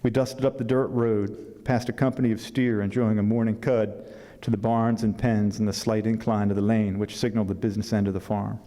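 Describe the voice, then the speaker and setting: A man, an author, reading a passage from his novel at a book fair symposium, with unhurried pacing and a few asides. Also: lowish voice, flat delivery, warm tone. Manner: unhurried reading with fillers and restarts between passages. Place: symposium hall. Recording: long hall reverb.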